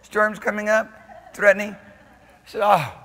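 Pastor guy preaching hard, bright high voice, goes soft then shouts, big church hall echo. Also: normal speed. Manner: fervent preaching, swings from quiet to shouting. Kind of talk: sermon. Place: church sanctuary.

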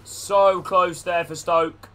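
A man's voice: high voice, flat delivery, slow pace, sharp tone. A man live-streaming a football video game, calling the play and greeting his chat viewers. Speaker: gaming streamer.

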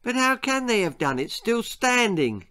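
A man reading aloud, voicing a boastful prankster schoolboy who talks quickly and excitably. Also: very high-pitched, smooth, voice pushed up, heavily acted. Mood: incredulous.

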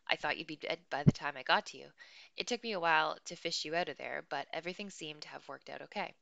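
A woman reading the lines of a firm, practical woman who rescued a boy from a river, in a clear, low-pitched, crisp voice. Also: fast, pushed and bright, no room sound, muffled recording, exaggerated voice. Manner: firm but not nasty, plain and practical. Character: tall firm adult woman rescuer in the wild.

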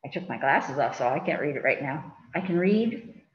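Female children's librarian, chatty storytime reader, low-ish voice, roomy and slightly muffled with faint hiss. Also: expressive, moderate pace. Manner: chatty, sing-song, fussing with the book on camera. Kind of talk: reading picture books aloud to children.

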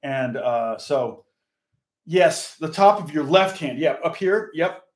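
Older male guitar teacher, somewhat high-pitched, loose rambling chat to viewers, roomy echo. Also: expressive, takes it slowly. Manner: rambling, chatty, answers viewers' comments. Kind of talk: casual live-streamed guitar lesson. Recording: echoey room with guitar playing.

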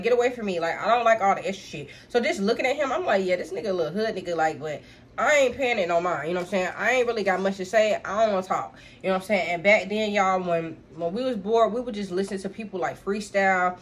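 A young woman vlogger telling a casual, animated storytime in slang, talking straight to her viewers. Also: mid-range voice.

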